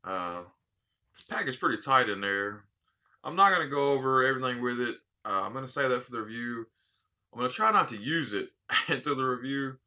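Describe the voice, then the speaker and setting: A man's voice: medium pitch, animated, brisk, pushed and bright. A man hosting a casual unboxing vlog, heartfelt and rambling, repeating his thanks. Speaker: vape channel host.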